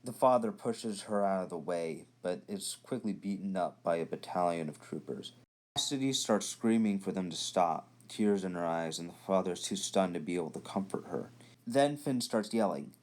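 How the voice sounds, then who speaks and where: A fan storyteller with a low, expressive, slightly mellow voice earnestly narrates his own rewrite of a story, scene by scene. He tells it fast, with sudden bursts of emphasis.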